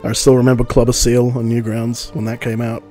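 A man's voice: medium pitch, monotone, brisk, mellow, faint music behind. A man co-hosting a podcast in casual chat, joking and laughing often. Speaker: podcast co-host.

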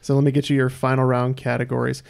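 A man hosting a podcast quiz, reading trivia questions in a measured way with dry asides. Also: medium pitch, completely flat delivery, vocal fry, a little mellow. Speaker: quiz host.

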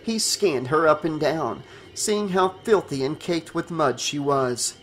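A man's voice: fairly high pitch, animated, unhurried, soft background music. Man narrating a horror audiobook.

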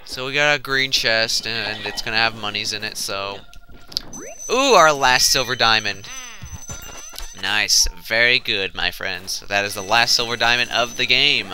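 A man's voice: fairly low pitch, unhurried, pushed and bright, faint music behind. A young man giving casual let's play commentary with chatty, mumbled asides.

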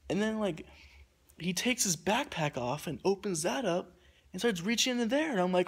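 Young guy, slightly high voice, rambling phone vlog outdoors. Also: expressive, normal speed, breathy edge. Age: young adult. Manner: rambling, heavy use of "like". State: shivering in the cold. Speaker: vlogger. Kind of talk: casual storytelling.

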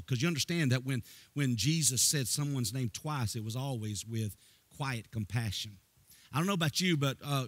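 A male pastor preaching a sermon. He asks the congregation questions and builds into a chanting, sing-song cadence with near-shouted emphasis. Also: medium pitch, dry recording.

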